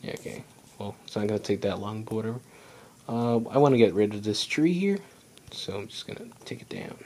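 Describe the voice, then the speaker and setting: A man's voice: fairly low pitch, lively intonation, a little fast, a little mellow. A young man giving rambling, casual commentary while playing a video game. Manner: rambling, chatty, self-talk while playing. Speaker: gaming channel host. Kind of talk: casual let's play commentary.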